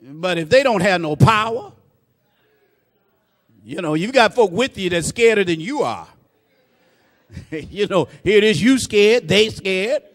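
A man preaches in a fairly high voice, and a long reverb from a church sanctuary trails behind each phrase. He keeps breaking in with "praise God", swells louder and slower on the key lines, then drops low and soft for asides. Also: animated. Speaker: pastor. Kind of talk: sermon.

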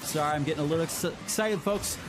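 A man doing excited esports play-by-play commentary. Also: on the high side, fast, music in the background. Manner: hyped play-by-play. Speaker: match caster.

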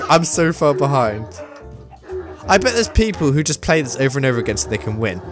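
A gamer giving excitable, self-mocking commentary on a let's play. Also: medium pitch. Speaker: gaming YouTuber.

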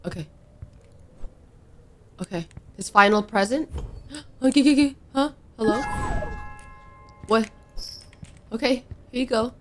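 A young woman, a gaming YouTuber, talks casually with slang as she plays a horror game on her channel. She's jumpy and theatrical, pleading when scared and shouting when something jumps out, in a fairly high-pitched voice.

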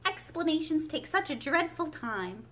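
A woman voicing the Gryphon in a storybook read-aloud, brisk, solemn and impatient. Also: high voice, very animated, fairly bright tone, slight background noise, pitched above the performer's own voice, full character voice.

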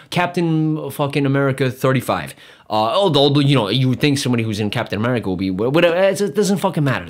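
A man hosting a podcast, ranting in a rambling, profane, sarcastic monologue. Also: mid-range voice. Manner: profane, rambling, sarcastic, jumps between mock voices. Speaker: podcast host.

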